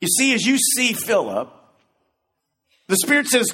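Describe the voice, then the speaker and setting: A male pastor preaching a sermon in an animated, joking manner, acting out scenes as he goes. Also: very high voice, unhurried, husky, long reverb tail.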